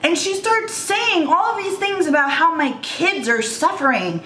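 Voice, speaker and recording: Emotional woman vlogger, high voice. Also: expressive, unhurried, bright, forceful tone, reverberant, slight background noise. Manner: earnest and emotional, with restarts. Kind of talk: storytime vlog.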